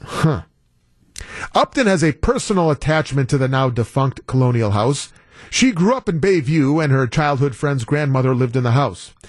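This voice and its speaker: A man's voice: medium pitch, animated, normal speed, dry recording. A man guest-hosting a talk radio show, telling a story in a wry, incredulous way. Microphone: studio broadcast mic.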